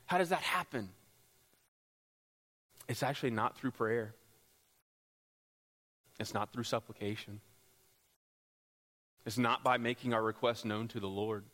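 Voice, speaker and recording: A man preaching a sermon as pastor, rising into loud, impassioned passages. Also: measured pace, pauses often. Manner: builds to loud, high-pitched pleading passages. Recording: long hall reverb.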